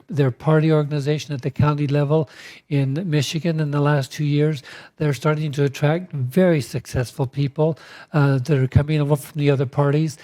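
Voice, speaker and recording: A man hosting a party convention, introducing the next speaker in a quick, casual way. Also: a little high, dark tone. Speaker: event host.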